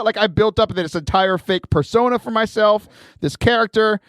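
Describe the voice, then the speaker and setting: A man hosting a podcast, telling stories in an animated way and laughing often. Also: sits high, brisk, no room sound, studio quality. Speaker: podcast host. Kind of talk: casual chat.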